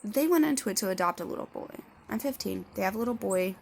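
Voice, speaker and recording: A woman's voice: mid-range voice, expressive, quick pace, vocal fry, a little mellow, slight background noise. A woman in her thirties telling her own story to camera in a blunt, rambling way with heavy swearing. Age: 30s. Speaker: vlogger.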